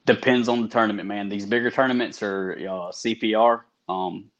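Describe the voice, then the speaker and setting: A man's voice: lowish voice, steady tone, normal speed, lo-fi sound. A man from South Carolina, a podcast guest talking fishing in a laid-back way. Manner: laid-back, says "man" and "bro" a lot. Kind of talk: casual podcast chat.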